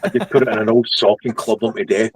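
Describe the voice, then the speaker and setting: A man chatting as a guest on a live stream, making dark deadpan jokes. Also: fairly low pitch, fast talker. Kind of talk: casual live stream chat.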